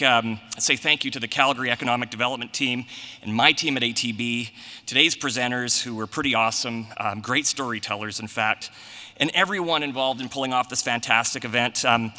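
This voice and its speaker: A man's voice: medium pitch, sharp tone. A man in his forties, a bank executive giving earnest, conversational closing remarks at a conference while a bit out of breath. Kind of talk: conference speech. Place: large conference hall. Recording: reverberant hall PA sound.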